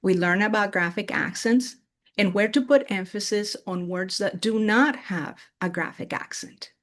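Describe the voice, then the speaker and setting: A woman leads a recorded pronunciation lesson at an unhurried, measured pace, pausing to check in with her learners. She models each word clearly so listeners can repeat it, with her voice sitting at an ordinary middle pitch. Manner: slow, deliberate, checks in with "okay?"; models words clearly for repetition. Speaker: Spanish teacher.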